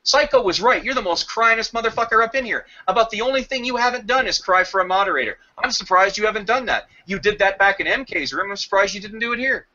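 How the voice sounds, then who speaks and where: A man with a high, bright, forceful voice tears into someone in an online voice chat. He swears freely and hammers away with rhetorical questions. The audio is dull and lo-fi. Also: quick pace, hardly any pauses. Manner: confrontational, profane, rhetorical questions. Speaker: voice chat room participant. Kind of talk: heated rant in online voice chat.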